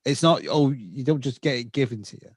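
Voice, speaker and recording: A man's voice: medium pitch, brisk, breathy edge, dry recording, studio quality. A man hosting a podcast interview, talking enthusiastically and stumbling over repeated words. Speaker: podcast host. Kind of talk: interview conversation.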